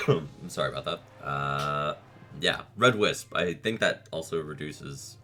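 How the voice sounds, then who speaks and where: A man's voice: rumbling low, pushed and bright, faint music behind. A man giving casual let's play commentary on a monster-raising game, reacting with short quips and dry asides. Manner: casual, self-deprecating, reacts with quick quips. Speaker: gaming video creator.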